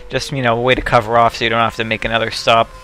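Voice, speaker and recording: A man's voice: medium pitch, little pitch movement, very fast, pushed and bright, a little hiss or hum. Joking guy commentating a racing game. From United States. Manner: rambling, joking, swears casually.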